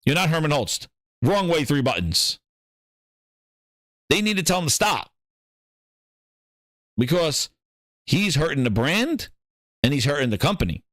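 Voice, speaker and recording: A man's voice: fairly high pitch, a little slow, pauses often, no room sound, studio quality. A man hosting a gaming podcast, ranting in casual commentary and repeating his points. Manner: ranting, animated, repeats himself. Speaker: podcast host.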